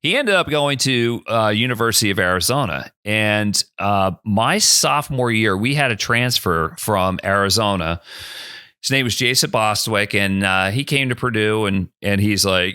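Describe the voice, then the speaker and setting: Man, middle-aged, podcast guest, casual storytelling, animated, bright tone, dry close sound. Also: lowish voice, normal speed, clean tone, no echo. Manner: animated, acts out dialogue in the anecdote.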